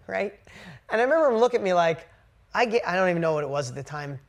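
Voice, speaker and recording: A man giving a motivational talk to a group, telling stories bluntly and casually, dropping to a hush and then rising loud and high when excited. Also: fast, long pauses. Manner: emphatic storytelling, casual and blunt. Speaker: motivational speaker.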